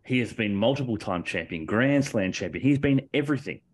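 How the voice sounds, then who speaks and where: A man co-hosting a podcast, talking in an excited, rambling way, restarting sentences and swearing casually. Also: mid-range voice, brisk. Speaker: podcast co-host. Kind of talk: casual wrestling discussion.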